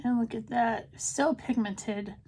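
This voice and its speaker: A woman's voice: fairly high pitch, slow, dark tone, breathy edge. A middle-aged woman chatting casually in a makeup vlog, playful and talkative, now and then slipping into silly sing-song bits. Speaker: beauty vlogger.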